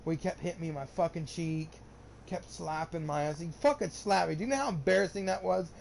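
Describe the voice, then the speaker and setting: Young man, casual rambling chat, swears a lot, high-pitched, raspy fry, faint background noise. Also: fairly quick, darkish tone. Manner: rambling, profane, restarts often. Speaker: gamer streamer.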